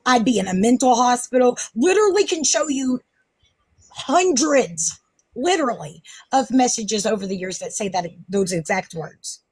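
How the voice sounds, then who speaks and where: A woman's voice: fairly high pitch, expressive, moderate pace, a little mellow, breathy edge, dry recording. A woman hosting a casual live stream, ranting defensively and sarcastically, swearing often. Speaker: livestream host.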